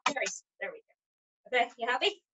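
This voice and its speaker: A woman's voice: a little high, sing-song, fast, heavy background noise. A woman chatting and giggling as she performs magic over a video call. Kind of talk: casual live magic act on a video call.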